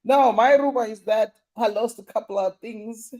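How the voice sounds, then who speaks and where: A man's voice: high-pitched, normal speed, a little mellow. A young man hosting a casual live stream, reading viewer comments in a playful, teasing way and laughing often.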